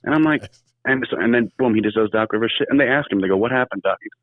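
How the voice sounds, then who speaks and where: A man calling in to a casual sports chat, telling rambling, animated stories. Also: mid-range voice, rapid-fire, dry recording. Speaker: caller. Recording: tinny phone line.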